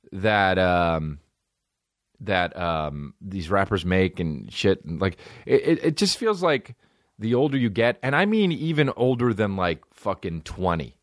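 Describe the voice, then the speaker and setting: A man's voice: fairly low pitch, a bit bright, no room sound, studio quality. A man hosting a podcast, ranting casually and profanely with rambling asides and mock rap lines. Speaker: podcast host. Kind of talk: casual comedic rant.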